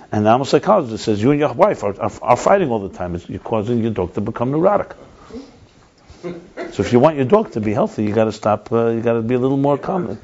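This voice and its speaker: Animated man telling stories, dull lo-fi sound. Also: medium pitch. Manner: animated, restarts and repeats words. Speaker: lead speaker in a group discussion. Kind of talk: casual discussion and storytelling. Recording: dull lo-fi recording.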